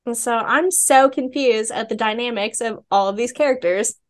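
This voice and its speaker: Chatty woman with a high voice. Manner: animated, quotes characters in quick asides, laughs often. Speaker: podcast co-host. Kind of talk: casual book-discussion chat.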